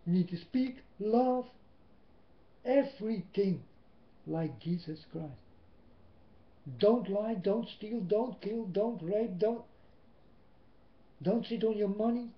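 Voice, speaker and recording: A man whose first language is Dutch, preaching a sermon in English into a webcam at home, slow and emphatic, swinging between loud and soft. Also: high-pitched. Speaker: lay preacher. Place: indoors at home. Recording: roomy, dull webcam audio.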